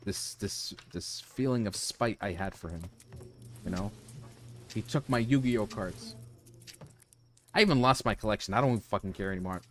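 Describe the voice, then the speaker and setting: A man streaming from home, telling a personal story to his chat in a casual, animated, profane way, full of restarts. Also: lowish voice, normal speed, long pauses, a little hiss or hum. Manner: animated, profane, lots of restarts and "you know".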